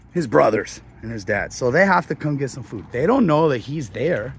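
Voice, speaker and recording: A man's voice: medium pitch, animated, moderate pace, creaky, breathy edge. A middle-aged man, a hotel host, retelling a Bible story in a loose, slangy, rambling way. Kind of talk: casual storytelling.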